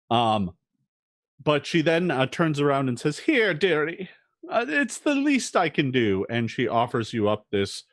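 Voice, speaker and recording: Lively man narrating a tabletop game. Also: mid-range voice, no room sound, studio quality. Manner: descriptive, halting with many fillers. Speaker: game master.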